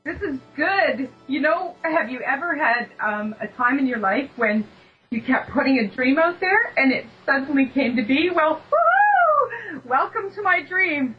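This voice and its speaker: A Canadian woman hosting an online talk show as a life coach, excited, a bit nervous and effusive. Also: high-pitched, moderate pace, faint music behind. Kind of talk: casual online radio talk. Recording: dull lo-fi internet radio.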